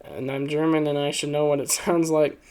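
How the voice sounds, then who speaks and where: A man's voice: a little high, little pitch movement, a little fast, darkish tone. A man casually reacting to online posts, rambling and joking. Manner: rambling, joking, lots of fillers and laughs. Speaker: video creator.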